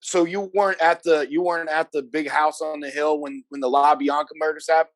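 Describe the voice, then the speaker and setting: A man's voice: a little high, level tone, brisk. A man hosting an interview, casually asking questions and stumbling over restarts as he goes. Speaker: podcast host interviewer.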